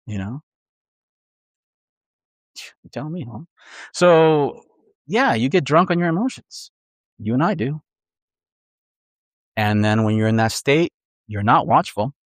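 A middle-aged man preaching a sermon in a conversational, animated way, acting out inner voices. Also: medium pitch, slow, pauses often, dry recording. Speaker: pastor.

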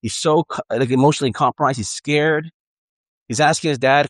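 A man's voice: on the high side, fairly quick, no room sound. Earnest man preaching a casual sermon. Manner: earnest, conversational preaching with repetitions and restarts. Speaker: pastor.

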